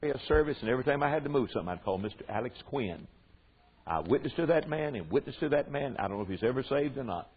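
Older Southern preacher, husky, tinny recording. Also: male voice, medium pitch, expressive. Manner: drawn-out emphatic delivery with folksy asides. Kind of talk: sermon teaching to men.

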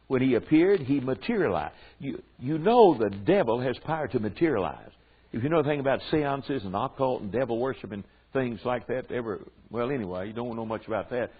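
A man's voice: medium pitch, animated, fairly quick, breathy edge. An older man with a Southern US accent preaching a sermon to a group of men, drawing out his words for emphasis and mixing in folksy asides. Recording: tinny phone-like recording.

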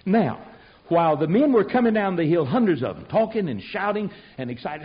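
A man preaching an animated sermon, telling the story in a folksy way and swinging from loud to hushed. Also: high voice, brisk. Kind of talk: animated sermon with acted-out voices. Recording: dull lo-fi sermon recording.

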